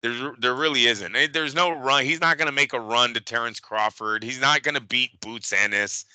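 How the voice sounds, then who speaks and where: A man co-hosting a casual boxing talk show, animated and profane, acting out fight-night scenes. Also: medium pitch, normal speed, clean tone, no room sound.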